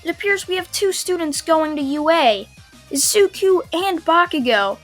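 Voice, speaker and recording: A breezy adult male schoolteacher, put on by a young woman reading a fan story, addressing his class in a casual, upbeat way. The voice stays high, close to her own. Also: expressive, moderate pace, soft background music.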